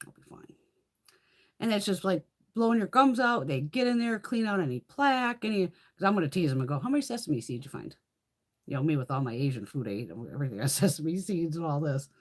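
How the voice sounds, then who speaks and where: A woman's voice: sits low, lively intonation, a little fast. A woman hosting a beauty livestream, rambling casually with lots of swearing and laughter. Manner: rambling, profane, laughs often. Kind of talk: casual livestream chit-chat.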